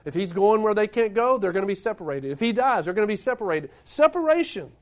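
A man's voice: high-pitched, expressive, fast talker. A middle-aged man, preaching a sermon to his congregation, building up to emphatic points and putting questions to them. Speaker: pastor.

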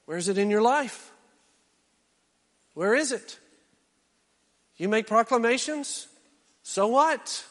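Male pastor, sermon, high voice, loud then hushed, echoing church hall. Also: animated, takes it slowly, long pauses. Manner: dynamic, swinging from loud exhortation to hushed intensity.

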